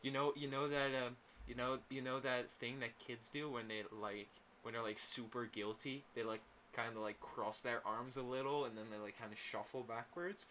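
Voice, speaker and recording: A man's voice: mid-range voice, fairly even intonation, normal speed, few pauses, sharp tone, a little hiss or hum. A young man playing a tabletop role-playing game, talking hesitantly with many fillers and restarts. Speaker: player. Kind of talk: casual tabletop role-play.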